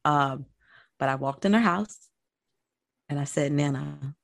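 A low-pitched woman with a gravelly edge, talking casually and chatty as a podcast guest. She's from Florida and tells her stories loosely. The sound is dry and close. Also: unhurried, no room sound. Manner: chatty, laughing, storytelling.

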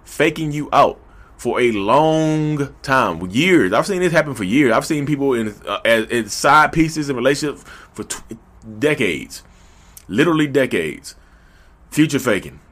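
A man's voice: mid-range voice, a little slow. Male podcast host, Southern drawl, casual and repetitive delivery. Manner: animated, repetitive, talks to listeners directly. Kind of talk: casual monologue.

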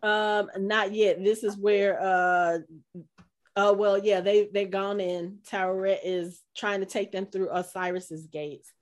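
A woman's voice: mid-range voice, slow. A woman co-hosting a podcast, recapping an episode in casual chat and acting out the characters' lines. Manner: animated, acts out character quotes. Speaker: podcast co-host.

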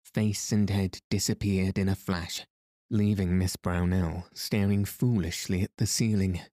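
Slow, low-voiced male audiobook narrator. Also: fairly even intonation, dark tone, dry recording, clean studio sound. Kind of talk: scripted narration.

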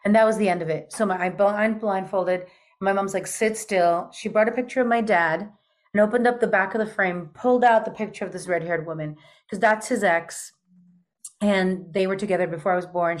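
A woman in her fifties, telling a personal story in a chatty, animated way with frequent casual fillers. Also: mid-range voice. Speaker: guest. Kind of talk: storytelling in conversation.

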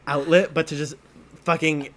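A male podcast co-host with a fairly high, slightly bright voice and little pitch movement speaks at normal speed. In a casual chat, he tells rambling stories packed with filler words and laughter.

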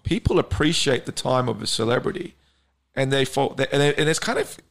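A man hosts a relaxed podcast chat with a mid-range, gravelly voice. He rambles in easygoing thoughts and laughs along with his guest. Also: mid-range voice, a little fast.

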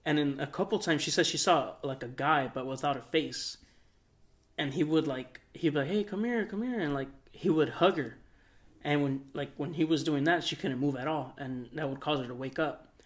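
A young man, a podcast co-host, telling a long story in a relaxed, rambling way, full of fillers. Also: on the high side, normal speed. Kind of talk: casual storytelling.

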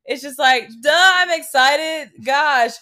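Excitable young woman chatting. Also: high-pitched, slow pace. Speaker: podcast co-host. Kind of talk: casual chat.

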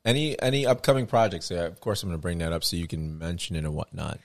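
A man's voice: deep voice, fast, a crowd in the background. A man hosting a podcast, asking questions, laughing often and chatting casually with his guest. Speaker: podcast host.

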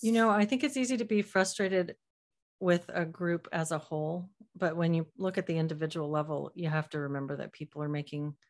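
A young adult woman co-hosting a live-stream discussion, telling a story in an animated way. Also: lowish voice, fairly quick. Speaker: podcast co-host.

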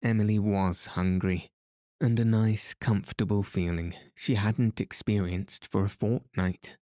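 A man narrating a novel calmly and soothingly as a bedtime story for sleep. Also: low-pitched, dry recording, studio quality. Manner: soft, soothing, unhurried. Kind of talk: calm audiobook reading for sleep.

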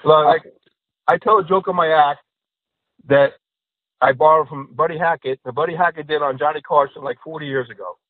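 A man's voice: fairly high pitch, normal speed, dry recording. A man, a comedian, chatting casually and telling jokes in a rambling way with many asides, over a tinny phone-like line. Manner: rambling, repeats "you know". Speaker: comedian guest. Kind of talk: casual chat and joke telling.

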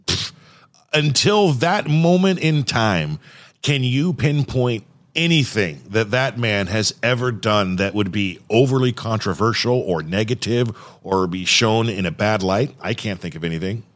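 A man's voice: fairly low pitch, lively intonation, unhurried. A man hosting a podcast, asking chatty, enthusiastic questions. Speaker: podcast host. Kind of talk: casual podcast interview.

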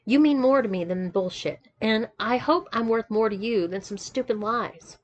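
Woman reads firm young fiancée, steady and probing, audiobook. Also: fairly high pitch, normal speed, lo-fi sound, lightly acted. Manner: quiet but firm, pressing for the truth.

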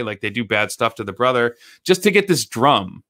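A man's voice: medium pitch, lively intonation, brisk, bright, forceful tone. A man in his thirties chatting casually as a podcast co-host, retelling a scary story with lots of swearing. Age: 30s. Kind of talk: casual chat.

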